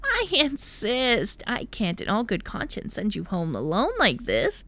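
A woman voicing a gentle, insistent kind neighbor. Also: mid-range voice, huge pitch swings, a little slow, voice pushed down, exaggerated voice. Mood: gentle concern. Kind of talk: voiced game dialogue.

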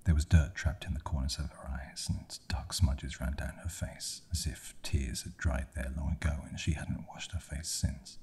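A man whispering a bedtime horror story in a slow, hushed ASMR reading. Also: a bass voice, little pitch movement, breathy edge.

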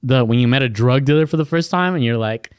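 A man's voice: mid-range voice, fast, clear, resonant tone, dry recording, clean studio sound. A young man co-hosting a podcast who teases his friends and laughs often in casual banter. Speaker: podcast co-host. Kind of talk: casual chat.

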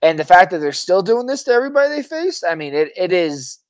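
A man co-hosting a sports podcast, talking in an animated, casual way, repeating words, restarting sentences and swearing freely. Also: sits high, quick pace, no echo. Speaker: podcast co-host. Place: Arizona.

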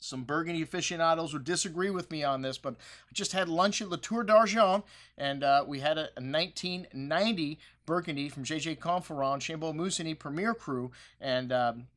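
A man with a slightly bright voice on the high side talks a little fast as he hosts a wine shop promo video. Set in the store, his chat is loose and casual, packed with fillers and asides.

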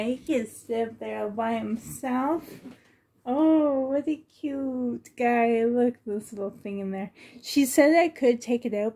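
A woman's voice: a little high, dark tone, husky. A woman collector gushing with delight as she unboxes reborn dolls for a vlog.

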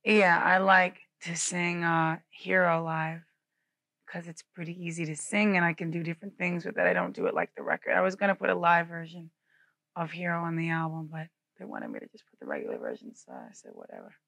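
A woman singer in her twenties from the United States, answering interview questions in a relaxed, offhand way, her voice tired and low from little sleep. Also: fairly quick, creaky, no room sound. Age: 20s.

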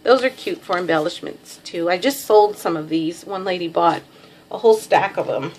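A woman's voice: fairly low pitch, lively intonation, moderate pace. A middle-aged woman with a Texan drawl casually showing off a craft package, chatty and self-deprecating, with lots of ums. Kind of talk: casual show-and-tell.

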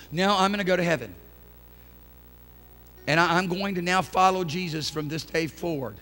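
Bright-voiced preacher man, fired up. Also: high voice, moderate pace, long pauses. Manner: impassioned preaching with sudden loud bursts and quiet drops; conversational, folksy asides. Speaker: pastor. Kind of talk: sermon. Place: church sanctuary.

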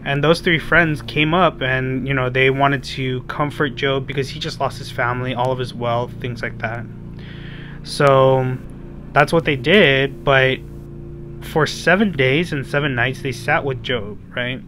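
A man's voice: mid-range voice, steady tone, measured pace, bright, forceful tone, a little hiss or hum. Casual male children's preacher. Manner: casual retelling with many fillers; asks listeners rhetorical questions. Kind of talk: storytelling sermon for kids.

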